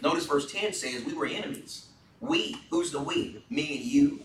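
A man's voice: fairly high pitch, wildly swooping pitch, moderate pace, a little hiss or hum. A man leading a Bible study, earnestly asking the group questions. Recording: echoey room from far off.

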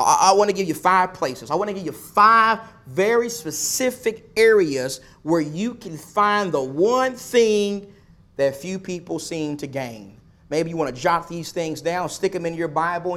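A man delivers a sermon in a high, light voice. He stacks rhetorical questions and repeated phrases for emphasis. His volume swings between forceful pushes and quiet asides. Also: lively intonation, normal speed. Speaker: preacher.

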